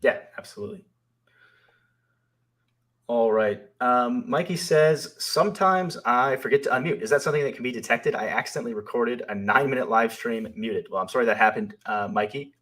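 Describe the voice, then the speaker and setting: A man's voice: medium pitch, brisk, fairly bright tone. A man co-hosting a live stream, reading viewer questions aloud and answering them in a thoughtful, hesitant way with many fillers. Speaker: co-host and company founder.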